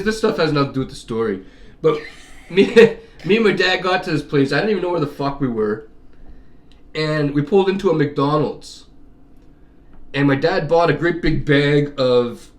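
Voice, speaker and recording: A middle-aged man from Canada, casually telling a rambling, profane story and laughing often. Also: mid-range voice. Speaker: vlogger. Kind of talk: casual chat.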